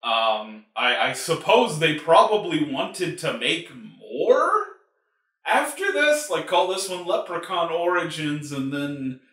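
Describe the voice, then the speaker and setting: Guy ranting about a bad movie, swears a lot, bright voice, echoey room. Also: a little high, very animated, slow pace. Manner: profane, exasperated, lots of filler words. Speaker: movie reviewer host. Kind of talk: casual ranting review. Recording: roomy echo.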